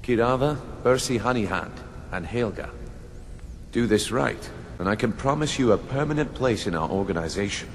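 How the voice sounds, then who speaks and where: An actor playing a persuasive thieves' guild boss in a video game, businesslike and smooth. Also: male voice, medium pitch, animated, moderate pace, lightly acted. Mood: scheming. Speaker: game character. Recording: game audio with long reverb and faint hiss.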